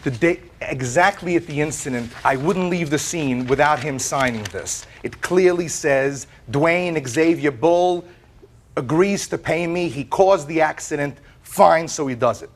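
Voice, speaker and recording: Animated middle-aged man telling his story. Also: a little high, unhurried, a little hiss or hum. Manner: animated storyteller, quotes others in lively voices; repeats words and restarts often. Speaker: plaintiff. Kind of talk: courtroom testimony.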